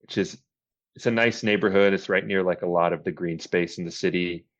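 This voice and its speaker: A man with a deep, low voice talks loosely as a podcast guest, swearing casually and laughing easily. The recording sounds a bit dull and lo-fi. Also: steady tone, fairly quick. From Boston area, USA. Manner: laid-back, swears casually, laughs often. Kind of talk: casual chat.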